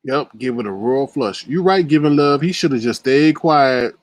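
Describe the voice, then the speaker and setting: Animated, mocking man with lively pitch. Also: normal speed, background noise. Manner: animated, mocking, laughs a lot, talks to chat. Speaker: commentary show host. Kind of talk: casual reaction commentary.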